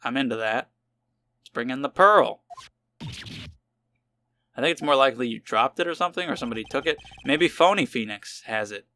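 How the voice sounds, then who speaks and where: A man giving casual commentary over a game, full of crude jokes and offhand asides. His voice is bright and clear, pitched at an ordinary middle. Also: lively intonation, moderate pace, pauses often, no room sound. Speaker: let's player.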